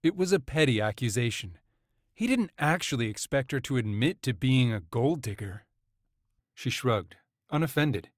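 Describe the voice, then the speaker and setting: A man narrating a romance audiobook in an even, measured way. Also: mid-range voice, dry recording, clean studio sound. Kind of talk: scripted narration.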